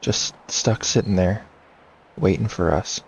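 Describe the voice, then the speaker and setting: A man casually commenting on his game playthrough, rambling and thinking out loud. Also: deep voice, measured pace, husky, dull audio. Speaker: game streamer. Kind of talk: casual let's-play commentary.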